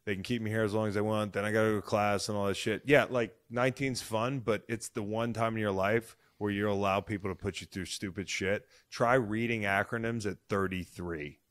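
A man in his thirties hosting a podcast, talking in excitable, profane, jokey banter. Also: on the low side, fairly quick, hardly any pauses. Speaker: podcast host. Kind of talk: casual chat.

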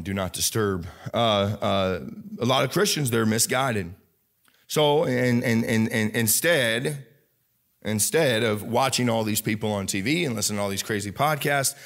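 A man delivers a sermon in a Midwestern American accent, alternating low, earnest passages with loud, fervent surges. He stops and restarts often and fills gaps with many fillers.

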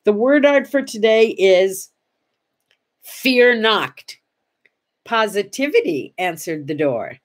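A woman hosting a casual morning vlog, telling a story in an animated way and acting out the dialogue. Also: medium pitch, slow, pauses often. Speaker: host.

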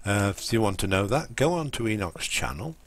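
A man's voice: lowish voice, sing-song, fairly quick. Rambling man streaming a game. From England. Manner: rambling, full of ums and restarts. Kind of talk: casual live-stream chat while gaming.

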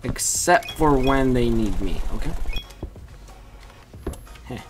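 Excitable low-voiced woman gaming. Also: slow, noisy background. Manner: excitable, with sudden yelps and chatter at the game. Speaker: gaming channel host. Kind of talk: gameplay commentary. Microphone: USB desk microphone.

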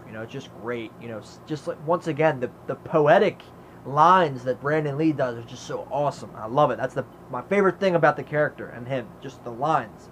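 An enthusiastic man talks through a film in a casual review at an average pitch. He rambles, recounts scenes and leans on "you know" fillers. A faint noise sits behind him. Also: brisk, a bit bright. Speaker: movie reviewer. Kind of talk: casual movie review vlog.

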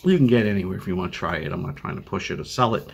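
An older man with a Boston accent talks in a tired, rambling way, often stopping to restart his sentences. His voice sits low and sounds husky. He records at home on a phone used as a webcam. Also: animated, racing. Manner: rambling, many fillers and restarts. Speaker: vlogger living with chronic illness. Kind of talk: casual personal video update.

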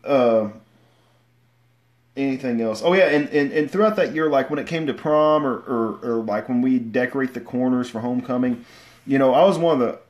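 A man, rambling through casual livestream stories, with many fillers and restarts and sudden loud outbursts. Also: mid-range voice, normal speed. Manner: bursts into loud shouts when acting out stories. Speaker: vlogger.

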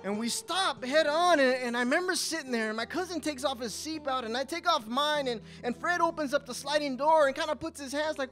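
Speaking quickly with hardly a pause, a young man shares a live testimony at a coffee house, soft music playing behind him. His slightly bright voice carries strong emotion, rising in tense moments and dropping low in sad ones.

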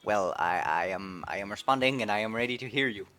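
A man streaming a video game live, chatting playfully and excitedly. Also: on the low side, fairly quick. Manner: playful, excitable, switching between English and French. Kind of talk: casual live-stream commentary.

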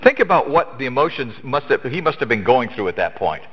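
A man's voice: mid-range voice, very animated, brisk, husky. A man leading a Bible study lesson in a church, explaining earnestly and emphatically, often restarting his sentences. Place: church hall. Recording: echoey church hall, dull lo-fi sound.

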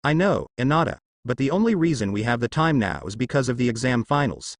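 Man reading a gentle, loving young woman. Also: medium pitch, big pitch swings, a little fast, no echo, clean studio sound. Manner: soft, affectionate.

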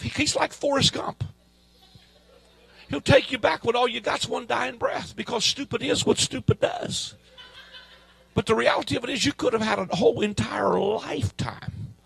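A man preaching a fervent sermon at a church service, swinging from shouts to quiet asides in folksy grammar. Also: high-pitched, creaky, slightly rough, no echo. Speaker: guest preacher.

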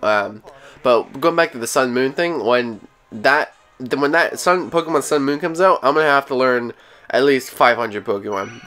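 A man's voice: medium pitch, lively intonation, normal speed, fairly bright tone, faint music behind. A man giving a casual, rambling voice-over for his vlog, often restarting his sentences. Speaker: vlogger.

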